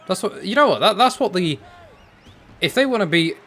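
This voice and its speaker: A man's voice: high voice, very animated, moderate pace, a bit bright. A tired man chatting casually and joking while commentating on a game he plays, rambling and restarting his sentences. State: tired, yawning. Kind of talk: casual chat over gameplay.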